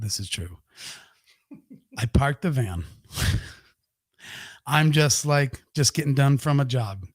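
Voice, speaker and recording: A man hosting a podcast, telling an anecdote in a casual, animated and profane way, acting out the voices of the people in it. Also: a little high, no echo, studio quality. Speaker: podcast host. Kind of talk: casual storytelling.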